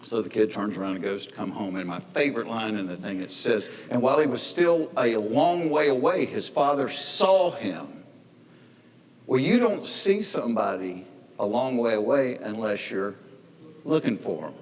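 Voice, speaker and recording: A man's voice: medium pitch, expressive, normal speed. Folksy man telling a story in a hall. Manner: folksy, conversational, acts out characters in voices. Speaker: speaker at a men's gathering. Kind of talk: storytelling talk to an audience. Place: large hall with audience. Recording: long hall reverb, faint noise.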